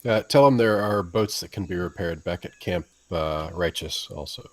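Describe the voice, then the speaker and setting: A man playing in an online tabletop game, offering quiet, matter-of-fact suggestions. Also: sits low, normal speed. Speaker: player. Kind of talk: casual online game chat.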